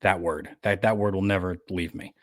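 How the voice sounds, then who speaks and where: Rambling New York man, low voice. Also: fairly even intonation, normal speed, a bit bright, no echo, studio quality. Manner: rambling, self-correcting storyteller. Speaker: podcast co-host. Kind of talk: casual chat.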